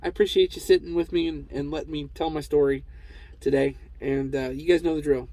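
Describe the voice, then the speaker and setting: A man's voice: on the high side, steady tone, a little fast, warm tone, no echo, poor audio. A man telling a rambling, self-deprecating story to camera about his trucking days, slipping into the voices of the people he quotes. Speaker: truck driver vlogger.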